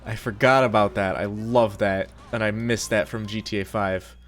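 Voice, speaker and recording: A man's voice: fairly low pitch, steady tone, moderate pace. A man streaming a game and chatting casually, rambling and swearing as he plays. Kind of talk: casual gameplay commentary.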